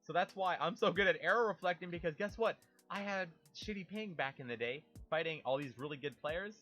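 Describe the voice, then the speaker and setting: A young man talking casually about a video game, animated, swearing freely and imitating game sounds. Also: on the high side, a little fast, faint music behind. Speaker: gaming YouTuber. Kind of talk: casual rambling monologue.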